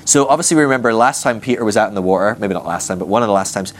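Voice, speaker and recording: A man's voice: fairly low pitch, very fast, a little hiss or hum. A man teaching a ministry school class in a casual, joking way, acting out the voices of Bible characters. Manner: jokey, animated, acts out voices of Bible characters.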